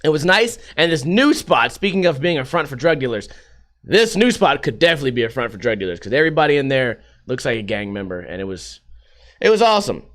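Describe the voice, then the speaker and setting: A man's voice: medium pitch, sing-song, fast talker, fairly bright tone. A man hosting a podcast, rambling through a casual, sarcastic and profane monologue. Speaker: podcast host.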